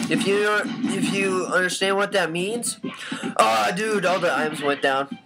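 A man giving live commentary over his own gameplay, excitable and prone to yelling and raging when things go wrong. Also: sits high, unhurried, creaky. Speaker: let's play gamer. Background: loud game music.

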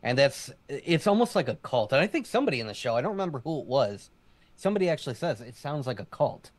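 A man's voice: mid-range voice, big pitch swings, fast talker, dry recording. A man co-hosting a casual podcast chat, explaining things at length with plenty of fillers. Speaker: podcast co-host.

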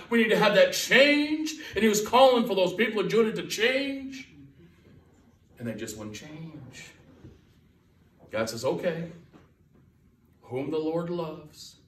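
A man's voice: high-pitched, a bit bright. A man preaching a sermon as guest pastor, emphatic and folksy, repeating his key lines for weight. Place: church sanctuary. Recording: echoey church from far off.

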